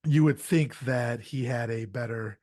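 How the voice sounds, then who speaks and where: A man's voice: medium pitch, mellow, dry recording, studio quality. Casual man retelling a movie plot. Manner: retells plot with quick acted quotes. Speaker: podcast host. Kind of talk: casual movie recap chat.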